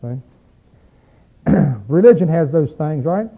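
Male preacher, high-pitched and folksy, asks the room rhetorical questions. Thin phone-like recording. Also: animated. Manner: rises into loud, drawn-out chanting when acting out crowds in the text. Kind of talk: conversational sermon with scripture reading.

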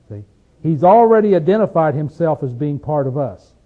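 A man with a Southern hillbilly accent preaches in a plain, folksy way, tossing out rhetorical questions and slowing down to read scripture. His voice sits a little high for a man. The recording is thin and tinny, like a phone line. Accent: Southern American hillbilly. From Appalachian region, USA. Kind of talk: sermon.

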